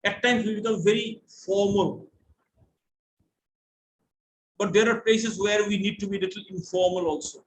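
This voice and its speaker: Indian English male lecturer, higher voice, patient explainer, faint background noise. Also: steady tone, brisk, low-quality recording. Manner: explanatory, spells words out letter by letter. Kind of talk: online lecture to students.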